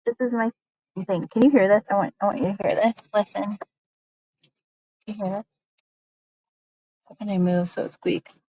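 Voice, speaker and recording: A woman's voice: medium pitch, steady tone, moderate pace, long pauses, mellow, no room sound, low-quality recording. Young woman, live stream chat, rambling, many fillers, dry close sound. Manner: chatty, rambling, lots of fillers.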